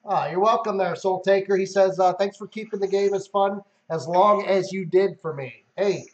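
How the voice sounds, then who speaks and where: A man hosting a casual livestream who reads out viewer comments and answers them. His voice sits high for a man. The sound is a bit dull and muffled. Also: fairly even intonation, moderate pace. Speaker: livestream host.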